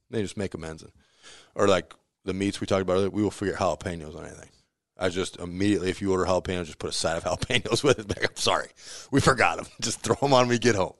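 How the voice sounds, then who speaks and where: The speaker, a pizzeria owner, chats easily through kitchen stories in a casual interview, his voice very low and gravelly. He mimics the people he quotes and laughs as he goes, and the close, dry audio carries no room sound.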